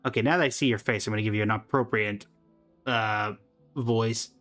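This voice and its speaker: A man livestreaming a game, talking in a relaxed, chatty way to his viewers. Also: on the low side, fairly quick, soft background music. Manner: relaxed, chatty, talks to chat. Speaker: streamer. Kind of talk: casual game livestream chat.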